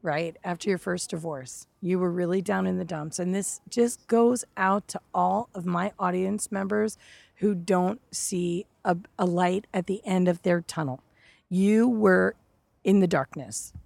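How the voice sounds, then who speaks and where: A woman host talks with a heavy gravelly fry in a dry, close sound. She is enthusiastic and encouraging toward her guest. This is a casual interview chat recorded outdoors. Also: on the low side, unhurried, a little mellow, no echo. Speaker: podcast host. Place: outdoors at a resort by a lake.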